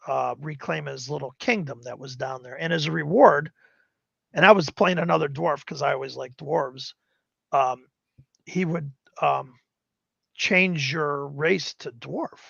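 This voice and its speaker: A high, gravelly voiced man in his fifties rambles through animated stories from years of tabletop gaming. The sound is dry and dull, like a lo-fi stream mic. He often slips into quick acted quotes of other players. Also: no echo. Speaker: guest gamer. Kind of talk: casual storytelling.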